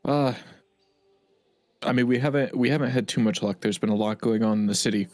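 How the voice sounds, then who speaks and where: A man's voice: mid-range voice, fairly quick, a little mellow, dry recording. A man playing a tabletop game, speaking in a hesitant, thoughtful way. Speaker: player.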